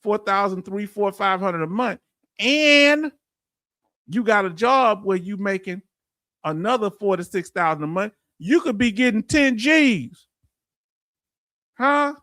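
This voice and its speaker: Man, commentary host, animated, fairly high voice, dry close sound. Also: unhurried, long pauses, no room sound. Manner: animated, talks back at clips, laughs often. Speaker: veterans benefits commentator. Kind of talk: casual commentary video.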